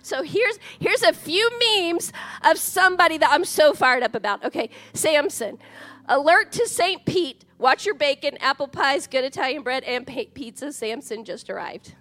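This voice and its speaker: A woman in her forties preaching a sermon in a church, lively, chatty and joking as she talks. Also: high voice, normal speed. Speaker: pastor.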